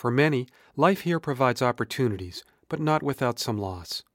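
A male podcast host reading a scripted outro in a measured announcer manner. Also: medium pitch, animated, no echo, clean studio sound. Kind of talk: scripted radio narration.

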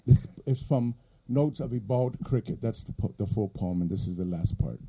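A middle-aged man with an East Los Angeles Chicano accent, a poet at a live reading who speaks softly between poems and declaims his verse in strong rhythm. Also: on the low side, vocal fry. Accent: East Los Angeles Chicano English. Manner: soft and halting when chatting, rising to forceful rhythmic declaiming in the poem.

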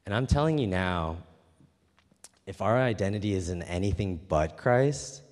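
A man's voice: low voice, expressive, moderate pace, darkish tone. A man preaching a sermon, telling a personal story in an earnest, emphatic way. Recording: long hall reverb.

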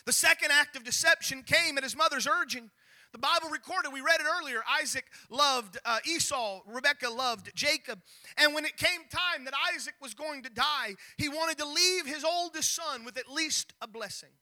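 A man's voice: very high-pitched, moderate pace. A man preaching a sermon, telling a story with many restarts and acted-out scenes. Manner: storytelling, animated, with repeated restarts.

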